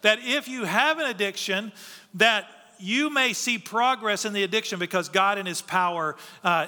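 A man delivers a sermon in an earnest, emphatic way, putting questions to his listeners and then answering them. His voice sits high and has a bright, ringing edge. The sound carries a long reverb, as if he is in a church sanctuary. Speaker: pastor.

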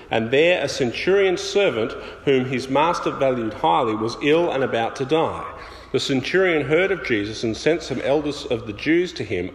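A man preaching a sermon in a conversational way, pausing often with fillers. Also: mid-range voice, a little hiss or hum. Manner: conversational, many filler pauses. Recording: echoey hall, faint ambience.

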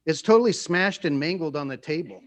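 A middle-aged man preaching in a relaxed, conversational way, joking and laughing at himself often. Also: a little high, brisk. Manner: playful, self-mocking, jokes and laughs often. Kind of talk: conversational sermon.

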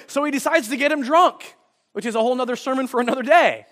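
A man's voice: extremely high pitch, quick pace, fairly bright tone. A male pastor preaching a sermon, retelling a story and acting out the quoted lines, often restarting his phrases.

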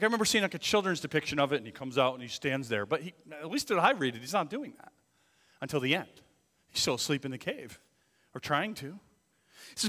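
A man preaching with lively, swooping intonation and a bright, forceful tone. He sometimes drops to a near whisper for emphasis, and his voice rings with the long reverb of a large hall. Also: a little high. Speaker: pastor. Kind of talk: sermon.

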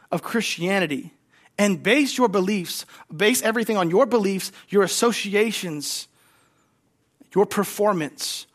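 A man preaching a sermon as a guest pastor. He speaks emphatically, repeats key lines and has the congregation say phrases back to him. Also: sits high.

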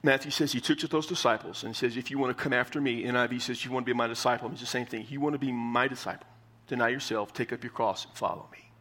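Male pastor, bright voice, chatty emphatic sermon delivery with acted-out quotes. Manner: conversational, emphatic, acts out quotes with shifting pitch.

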